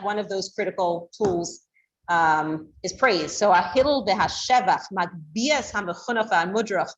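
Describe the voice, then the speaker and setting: A woman teacher lectures to a small class in an echoing room, her voice sitting at an ordinary middle pitch. She explains conversationally, full of fillers and restarts, and now and then acts out the tones parents use. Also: lo-fi sound. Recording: roomy echo.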